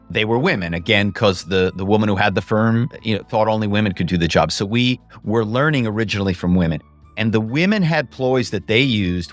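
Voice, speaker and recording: A man, a former actor and author, telling stories as a podcast guest and acting out phone calls in different voices. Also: fairly low pitch. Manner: animated, acts out phone calls. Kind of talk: casual storytelling interview.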